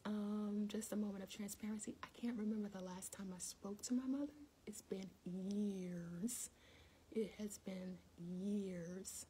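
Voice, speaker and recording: A woman's voice: mid-range voice, warm tone. A middle-aged woman talks casually to her viewers during a morning devotional stream. She tells stories animatedly and laughs often. Her voice sits in a middle range, with a faint hiss behind it. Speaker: devotional livestream host.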